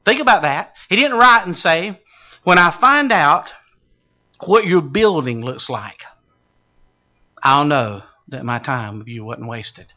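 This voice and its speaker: A man preaching a sermon, swinging from loud calls to hushed low asides. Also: expressive, takes it slowly, pauses often. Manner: dramatic shifts from shouting to hushed low tones.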